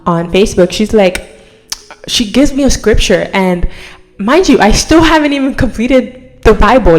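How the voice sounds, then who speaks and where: A young woman with a slightly low voice tells a personal testimony in a loose, rambling way. She speaks earnestly and is emotional at times. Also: darkish tone. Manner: earnest, rambling, fillers like "like" and "right?". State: emotional, near tears at times. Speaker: vlogger. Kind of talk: casual personal testimony to camera.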